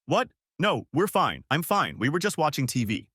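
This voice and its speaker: A man putting on the voice of a young wife pushed to her limit, her voice pitched up and lively as she snaps back defensively. The sound is dry and close, with no room behind it. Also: normal speed, husky, dry recording, heavily acted. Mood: flustered. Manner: exasperated, snapping back.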